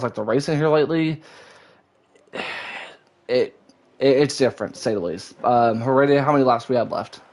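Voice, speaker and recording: Excitable male sim racing play-by-play caller. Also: medium pitch. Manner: excitable, rambling, voice leaps up during action. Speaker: lead race commentator.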